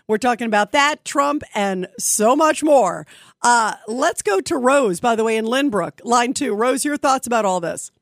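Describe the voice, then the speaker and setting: A woman's voice: medium pitch, moderate pace, no echo, clean studio sound. A woman hosting a call-in radio talk show, chatting with callers in a conversational way with plenty of fillers. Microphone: studio microphone.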